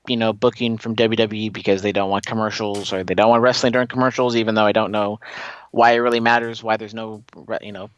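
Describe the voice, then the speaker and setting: This podcast co-host is a man chatting on a casual wrestling show, rambling in long, opinionated stretches packed with "you know." His voice is medium-pitched and a bit bright, and the audio is dull with no echo.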